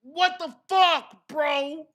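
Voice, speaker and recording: Brief: high-pitched, bright-toned male streamer ranting over a clip, profane and mocking. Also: steady tone, drawn-out words. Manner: angry, shouting, mocking. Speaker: reaction streamer. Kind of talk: profane reaction commentary.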